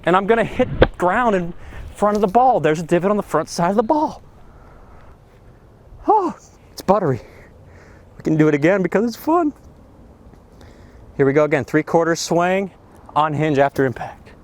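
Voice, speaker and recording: A golf instructor bursting with enthusiasm, his slightly high voice swooping up and down as he shouts about good contact. He teaches outdoors on the practice ground, talking straight to the camera. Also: fairly quick. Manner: excitable, exclamatory, enthusiastic. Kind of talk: energetic golf lesson to camera.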